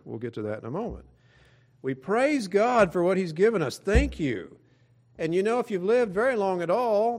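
A man preaching a sermon in a conversational way, with frequent asides and fillers. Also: a little high. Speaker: pastor.

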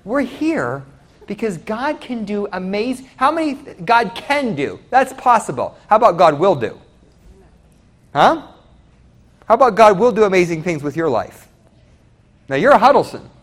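Male preacher, high lively voice, calls questions out to the congregation. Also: moderate pace. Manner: animated, questions the congregation directly. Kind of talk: sermon. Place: church.

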